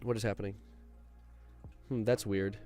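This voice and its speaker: A man's voice: fairly low pitch, little pitch movement, moderate pace, dark tone, faint music behind. A man in his twenties chatting casually on a live stream, rambling and jumping between reading chat and his topic.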